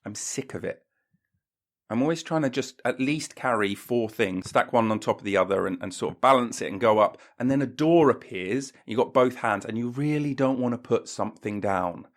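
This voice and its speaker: A man's voice: medium pitch, moderate pace. A man hosting a comedy podcast, ranting in a mock-pompous way and breaking into silly voices. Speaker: podcast host.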